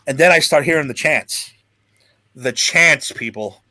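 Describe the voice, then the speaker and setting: A man's voice: a little high, measured pace, bright, forceful tone, no room sound. A man hosting a casual podcast chat, telling a long rambling story with restarts and swearing. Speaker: podcast host.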